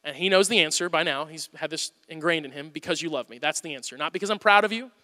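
A man in his thirties preaching a sermon, telling family stories with animated swings from loud to hushed. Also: on the high side, fast talker, long reverb tail. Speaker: pastor.

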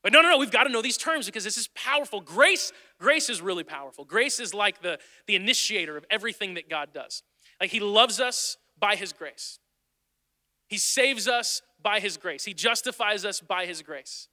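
High bright-voiced male pastor preaching. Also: animated, moderate pace, long reverb tail. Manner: earnest, conversational preaching with repeated phrases. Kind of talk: sermon. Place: church sanctuary.

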